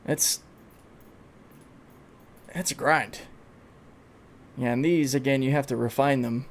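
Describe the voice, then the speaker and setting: A man livestreaming a video game, giving excitable, casual commentary, swearing freely and talking to his chat. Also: mid-range voice, takes it slowly. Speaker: gaming livestreamer.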